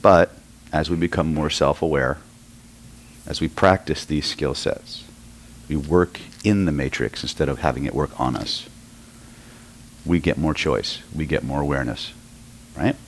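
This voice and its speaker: Speaking unhurriedly in an extremely low voice over a slight hiss or hum, a middle-aged hypnosis and NLP trainer from Oklahoma leads a live seminar. He weaves in stories and often checks in with his audience.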